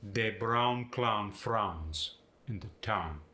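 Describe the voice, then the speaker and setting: In a roomy, echoey space, a man with a lowish voice performs a full West African-accented character, landing hard on every syllable and lifting the tone on certain vowels. He's demonstrating, slow and deliberate, stressing each syllable in an unhurried, bright-edged delivery.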